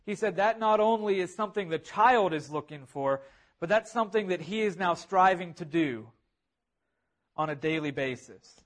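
A man delivers a sermon in an earnest, driving way, repeating key phrases to build emphasis. His voice sits notably high for a man. He sounds like a pastor speaking to his congregation. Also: expressive, moderate pace. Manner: earnest, repetitive preaching with rising emphasis.

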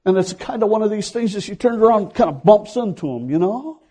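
A man's voice: high-pitched, lively intonation, a little fast, warm tone, breathy edge. A man preaching a sermon, retelling a scripture story dramatically and building to fervent emphasis.

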